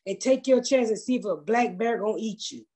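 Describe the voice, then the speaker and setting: A woman with a husky, slightly high voice tells a story in casual podcast chat. She is blunt, profane and animated. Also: brisk. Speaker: comedian, podcast guest.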